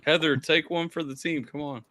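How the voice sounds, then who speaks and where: A man hosting a casual stream chat, telling animated stories and swearing freely. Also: on the high side, normal speed, no room sound. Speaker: streamer host.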